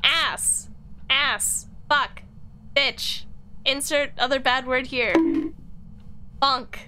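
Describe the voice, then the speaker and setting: High-pitched woman taunting a ghost. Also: slow, pushed and bright, soft background music. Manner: taunting, cursing, repetitive calls. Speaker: streamer. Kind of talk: casual gameplay commentary.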